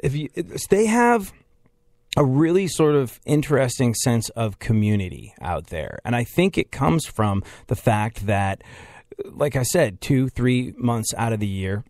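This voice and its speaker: A man's voice: medium pitch, animated, measured pace, darkish tone, no echo. A man hosting a casual podcast chat, rambling through stories and laughing often.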